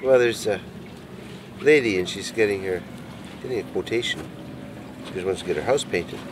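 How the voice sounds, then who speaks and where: A man's voice: on the low side, normal speed. A man telling jokes in an easygoing, drawling way, outdoors by the water. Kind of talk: joke telling. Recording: noisy outdoor recording.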